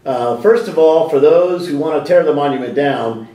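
A man's voice: a little high, normal speed, dark tone, roomy sound, recorded from a distance, low-quality recording. A man giving a sit-down interview in a library room, talking animatedly with frequent restarts and rhetorical questions. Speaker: interview guest.

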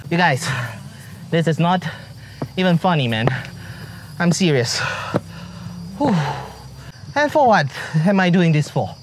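A man's voice: sits high, huge pitch swings, slow pace, long pauses, background noise. A man talking to his viewers while hiking outdoors, out of breath, joking and complaining as he climbs. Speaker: vlogger. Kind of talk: casual hiking vlog. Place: outdoors on a forest trail.

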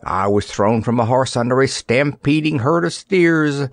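A man's voice: a little high, sing-song, unhurried, dry recording, pitched above the performer's own voice. A man voicing a complacent male stunt dummy who talks in a breezy, wheezing, self-satisfied way.

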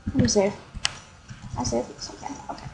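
A woman's voice: fairly high pitch, steady tone, normal speed, vocal fry, warm tone. A woman doing casual let's play commentary, reading the game's dialogue aloud with playful asides. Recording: noisy home recording.

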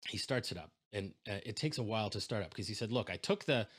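A man's voice: fairly low pitch, fast talker, fairly bright tone, slightly rough. A man giving a keynote speech, telling a story and acting out both sides of the phone calls. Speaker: keynote speaker.

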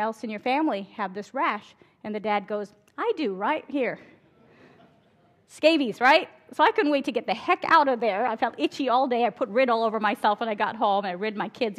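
A middle-aged woman, an emergency physician, giving a candid conference talk full of stories and laughing at her own stories. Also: medium pitch. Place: conference hall before an audience.

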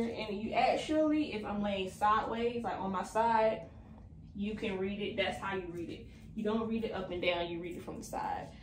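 A woman's voice: mid-range voice, darkish tone. A young woman in her twenties chatting casually to viewers in a vlog, a little out of breath, saying "y'all" often. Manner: chatty, addresses viewers as "y'all", many fillers. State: slightly out of breath. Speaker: vlogger. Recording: echoey room, faint background noise.

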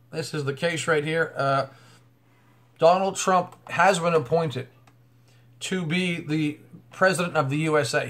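A man's voice: on the high side, fairly bright tone. A man talking straight to camera in a religious commentary vlog, breaking into exclamations and repeating words as he goes. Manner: exclamatory, bursts of "oh" and "wow". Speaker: YouTube commentator.

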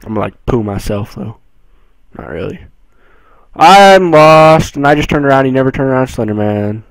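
A young man giving casual commentary on a horror game, excitable and jumpy, moving between low mutters and sudden yells. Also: normal speed, no room sound, rough recording. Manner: jumpy, excitable, swings from mumbling to yelling. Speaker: gameplay streamer.

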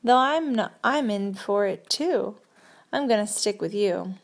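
A woman's voice: mid-range voice, expressive, gravelly. A woman voicing a nervous, agitated young man who talks in blunt slang and mutters sourly. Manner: muttering, sour and hurried.

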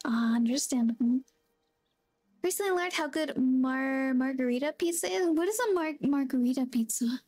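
High-voiced chatty woman streamer. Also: moderate pace, a little mellow, dry recording, clean studio sound. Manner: chatty, reads chat aloud, friendly greetings. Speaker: game streamer. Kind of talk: casual gameplay chat.

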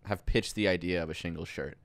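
A young man co-hosting a podcast, telling stories with excitement in casual chat. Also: low voice, dry recording. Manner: excitable, rapid storytelling. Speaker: podcast co-host.

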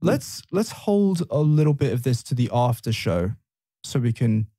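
A man with a Northern English accent, co-hosting a casual English-learning podcast, chatty and quick to laugh. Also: mid-range voice, sing-song, warm tone, dry recording, studio quality. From England. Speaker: podcast co-host, English teacher.

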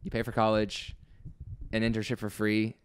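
Laid-back young man, lowish voice. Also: monotone, normal speed, clean tone. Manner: laid-back, earnest, plainspoken with casual slang. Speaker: podcast guest. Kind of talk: casual chat.

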